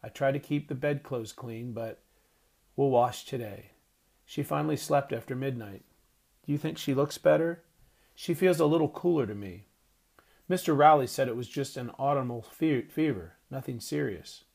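A man reading an audiobook voicing a kind, protective woman who speaks gently and calmly. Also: medium pitch, normal speed, creaky. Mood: anxious. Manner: gentle and calming.

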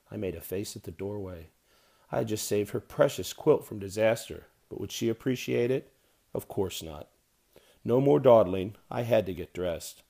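A man narrating an audiobook in a measured, wry storytelling manner. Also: fairly low pitch, mellow. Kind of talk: scripted narration.

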